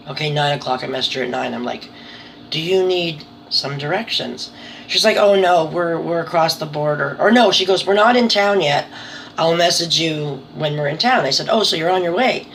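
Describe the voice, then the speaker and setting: A middle-aged woman with a deep, creaky, slightly bright voice chats casually to camera in her living room, where she runs a small home business as a vlogger. Her exasperated stories keep tipping into laughing disbelief. The recording is rough, with slight background noise.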